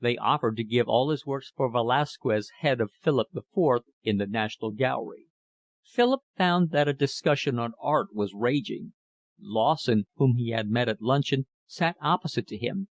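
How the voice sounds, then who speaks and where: A man's voice: medium pitch, normal speed, no room sound. Man reading a classic novel aloud. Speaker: audiobook narrator. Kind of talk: scripted audiobook narration.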